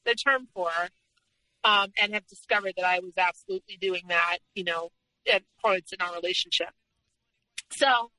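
A woman's voice: mid-range voice, pushed and bright, no room sound, low-quality recording. A woman speaking as an interview guest, telling her personal story frankly and candidly in conversation.

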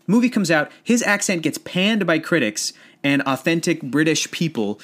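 A man in his thirties talking about movies in a casual chat, rambling and animated, often laughing. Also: on the high side, moderate pace.

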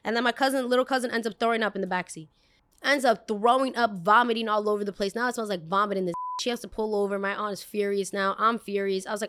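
A woman hosting a podcast, telling a story in a rambling, expressive way and swearing casually. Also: mid-range voice, fast. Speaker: podcast host.

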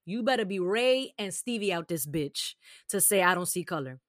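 A woman co-hosting a casual podcast chat, blunt and profane, telling animated stories. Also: on the low side, moderate pace, no room sound, studio quality. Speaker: co-host.

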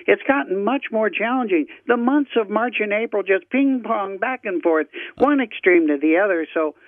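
A flustered old hardware store owner rambles and grumbles with mild curses, as a man puts him on. The voice sits high and pinched, and it comes through a muffled, dry phone line. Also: no echo. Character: cranky older male hardware store owner. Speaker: caller.

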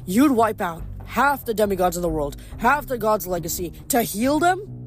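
A woman's voice: mid-range voice, very animated, moderate pace, faint music behind, pitched above the performer's own voice, lightly acted. A woman voicing a cold, defiant teenage boy in a storybook reading. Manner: cold and cutting.

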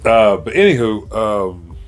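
Rambling laid-back man, low voice. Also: expressive, a little slow, slight background noise. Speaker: podcast host. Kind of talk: casual stoned chat. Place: indoor room with cartoons playing. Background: faint music from cartoons.

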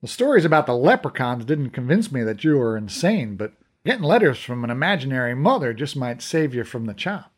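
A man voicing a calm, probing male police detective in an audiobook reading. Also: medium pitch, fairly quick. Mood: coaxing. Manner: calm, coaxing.

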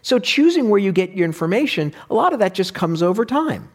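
A man talking in a casual discussion, animated and wry, who sometimes slips into mock voices to make a point. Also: high voice, fairly quick.

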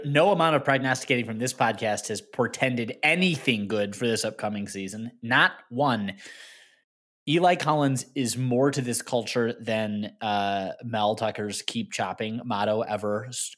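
A man's voice: medium pitch, normal speed, fairly bright tone. Sarcastic ranting male podcast co-host. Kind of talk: casual sports podcast chat.

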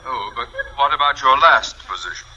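A man's voice: medium pitch, animated, normal speed, crowd noise. Pompous blustering man on old radio. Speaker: school principal. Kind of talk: 1950s radio comedy acting. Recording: dull old radio recording.

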